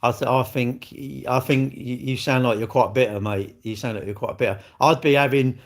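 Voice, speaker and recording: A man's voice: mid-range voice, steady tone, moderate pace. Blunt older man livestreaming. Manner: blunt, argumentative, swears freely. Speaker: livestream host. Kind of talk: casual livestream chat.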